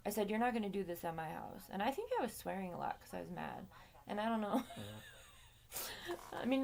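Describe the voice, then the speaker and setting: A woman with a gravelly, creaky voice at a medium pitch, casually telling a story to her camera. She rambles, swears freely and laughs between lines. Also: a little mellow. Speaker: vlogger.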